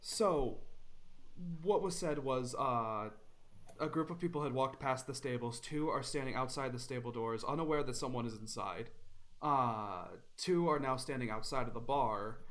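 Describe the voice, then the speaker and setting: A man narrating a tabletop game as game master, relaxed and full of fillers. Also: mid-range voice, moderate pace. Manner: relaxed with many ums and uhs.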